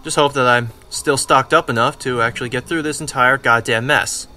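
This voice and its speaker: A young man commenting on a video game he is playing, excitable and swearing, often yelling at the game. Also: medium pitch, moderate pace. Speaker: let's play gamer. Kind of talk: gameplay commentary. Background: game music.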